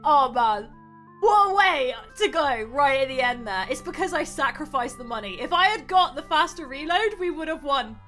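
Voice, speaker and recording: A young woman hosts a live game stream with a high, bright voice that leaps up and down as she plays. She talks excitably, exclaiming and laughing through the action. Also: moderate pace, soft background music. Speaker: streamer host. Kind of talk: live gameplay commentary.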